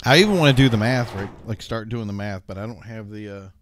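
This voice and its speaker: A man's voice: fairly low pitch, quick pace, a little hiss or hum. A man giving casual, rambling commentary while playing a video game, thinking aloud with many fillers and restarts. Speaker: gaming YouTuber.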